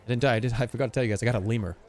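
A man streaming a game live, giving excitable, profane, self-mocking commentary as he plays. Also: mid-range voice, racing, a little hiss or hum.

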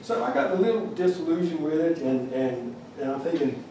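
A man's voice: on the high side, lively intonation, fairly quick, mellow, slight background noise. A man giving a humorous, rambling storytelling lecture about his carving at a museum, with many restarts. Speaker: wildlife carver giving a talk. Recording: echoey room, mic far off.

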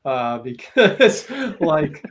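A man's voice: a little high, sing-song, drawn-out words, slight background noise. A man co-hosting a casual chat in a laid-back way, laughing easily and using lots of fillers. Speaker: co-host.

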